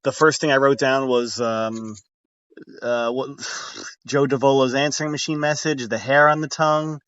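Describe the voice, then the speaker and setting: A man's voice: medium pitch, steady tone, moderate pace, fairly bright tone, dry recording, lo-fi sound. A man co-hosting a casual chat, rambling and hesitant, often trailing off mid-thought. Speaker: podcast co-host.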